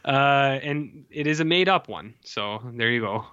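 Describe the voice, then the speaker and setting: Bright, rambling male co-host, joking; lo-fi, dry mic. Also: medium pitch, animated, measured pace, clear, resonant tone, no room sound. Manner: rambling, jokey, many fillers. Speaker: podcast co-host. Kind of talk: casual chat. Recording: dull lo-fi dry recording.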